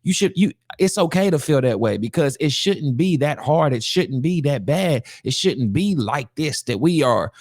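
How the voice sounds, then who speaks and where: A man's voice: on the high side, lively intonation, moderate pace, few pauses, a little mellow, no echo, studio quality. A man hosting a podcast, ranting heatedly and profanely in casual reaction commentary. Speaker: podcast host.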